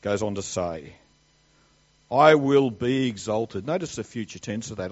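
A man preaching a sermon, swinging between loud emphatic declarations and quiet asides. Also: on the low side, lively intonation, measured pace, highs cut off.

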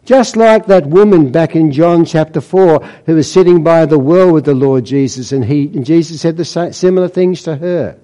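Mellow-voiced man preaching a sermon. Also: fairly high pitch, moderate pace, few pauses, poor audio. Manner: storytelling, quoting scripture with dramatic emphasis.

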